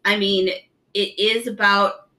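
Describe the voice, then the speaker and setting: Bright-voiced chatty woman podcaster. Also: medium pitch, little pitch movement, slow, poor audio. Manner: chatty, laughs often, explains at length. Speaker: podcast co-host. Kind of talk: casual chat.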